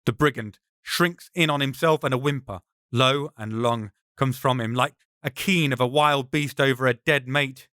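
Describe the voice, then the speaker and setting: A man's voice: mid-range voice, moderate pace, hardly any pauses, a bit bright, no echo, studio quality. A man, the author, reading his own novel aloud in dramatic, tense first-person audiobook narration.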